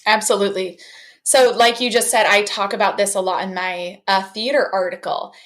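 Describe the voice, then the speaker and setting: Expressive woman, teacher on a podcast. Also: medium pitch, normal speed. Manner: expressive, acts out classroom voices as she explains. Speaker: art teacher, podcast guest. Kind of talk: casual interview.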